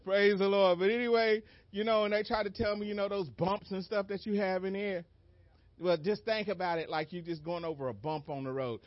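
A man preaching a sermon as an animated story, acting out moments with sudden shouted cries and laughing along. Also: sits high, a little fast, dry recording. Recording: dull lo-fi dry recording.

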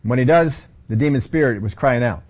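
A man's voice: medium pitch, fairly quick, a little mellow. A man teaching a Bible study sermon in a conversational way, often repeating key phrases.

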